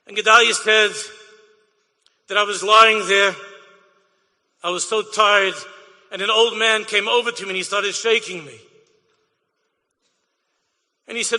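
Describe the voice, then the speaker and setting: Bright-voiced man telling a story in a hall. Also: high voice, fairly even intonation, moderate pace, long pauses. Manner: emotional storyteller with Yiddish and Hebrew words, repeats phrases. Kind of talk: storytelling talk to an audience.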